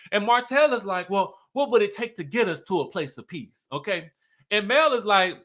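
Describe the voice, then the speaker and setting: A man's voice: high-pitched, sing-song, measured pace, pushed and bright. A man giving a casual, sassy reality-TV recap, laughing often and quoting the cast. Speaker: show recap commentator.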